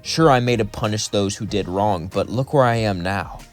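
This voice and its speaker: A man voicing a brooding middle-aged vigilante in a spoken fan story, terse and flat. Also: lowish voice, normal speed, soft background music, lightly acted. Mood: solemn.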